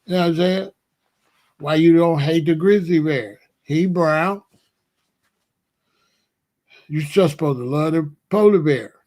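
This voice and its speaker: A man's voice: on the high side, unhurried, long pauses, a little mellow. A man hosting his own show, delivering a casual comedic monologue full of rhetorical questions and chuckling asides. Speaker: host.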